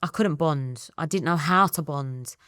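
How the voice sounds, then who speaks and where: A woman's voice: low-pitched, measured pace, no room sound, studio quality. A woman in her thirties with an Essex accent, speaking candidly and reflectively as an interview guest. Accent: Essex English. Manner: candid, quietly reflective, quotes her own thoughts.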